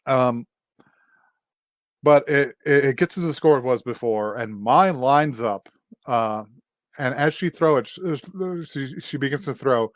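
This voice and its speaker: Male podcast co-host, very expressive pitch, dry close-mic sound, rambling animated retelling. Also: measured pace, dry recording. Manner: rambling, animated storytelling that acts out characters' lines. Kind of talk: casual chat recapping an anime episode.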